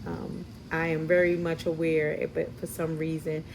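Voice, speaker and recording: A woman's voice: low-pitched, monotone, normal speed, background noise. A woman reading tarot cards in a casual spiritual style, thinking aloud with many fillers and frequent "right?" checks. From Puerto Rican, from New York and Philadelphia area. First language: Spanish heritage speaker. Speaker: tarot reader.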